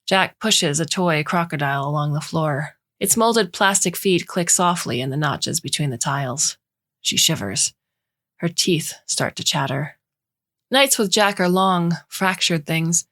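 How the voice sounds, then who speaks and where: Low-voiced woman reading a story. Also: unhurried, a bit bright. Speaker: narrator. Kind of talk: scripted story narration.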